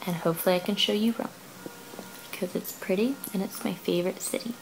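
A woman's voice: mid-range voice, brisk, vocal fry, noisy background. A young woman vlogging late at night from her bedroom, rambling and giggly, a little out of breath. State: slightly out of breath. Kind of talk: casual late-night vlog.

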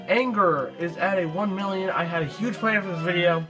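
A young man narrates his gameplay in an irritated, profanity-laced rant. His voice sits a little high for a man. Game music plays clearly underneath his commentary. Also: moderate pace, sharp tone, low-quality recording. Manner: frustrated, swearing often. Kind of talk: let's play commentary.

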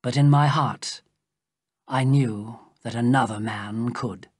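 Slow story narration for english learners, husky voice, lively up and down, dry close sound. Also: medium pitch, no room sound.

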